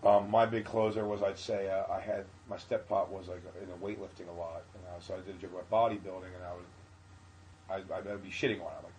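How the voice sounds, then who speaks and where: A man, a comedian guest, telling stories in a rambling, animated, profane way. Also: sits low, fast talker, a little hiss or hum, low-quality recording. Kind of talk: casual storytelling.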